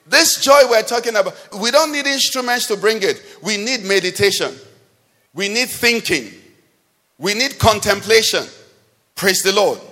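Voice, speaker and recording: A Nigerian pastor with a high, sharp-toned voice preaches a sermon in a church hall, firing emphatic rhetorical questions at the congregation. The recording carries a long hall reverb.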